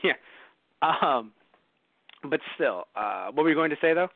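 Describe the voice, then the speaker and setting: A man's voice: on the high side, expressive, measured pace, gravelly, no echo. A man hosting a casual movie review podcast, rambling with many fillers and restarts. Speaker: podcast host. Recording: dry, phone-like lo-fi audio.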